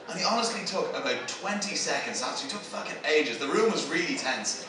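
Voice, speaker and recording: High-voiced Irish stand-up comedian, live. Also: male voice, quick pace. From Ireland. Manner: lively, profane, storytelling with crowd work. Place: large sold-out theatre. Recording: echoey theatre, distant mic, crowd noise.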